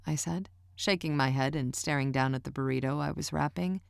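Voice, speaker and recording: Low, gravelly woman narrating an audiobook. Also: normal speed, hardly any pauses, no room sound, clean studio sound. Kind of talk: first-person audiobook narration.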